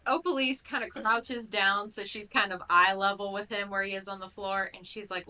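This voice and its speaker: A woman playing a tabletop game, excitable and swearing often. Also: medium pitch, moderate pace, hardly any pauses, lo-fi sound. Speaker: player.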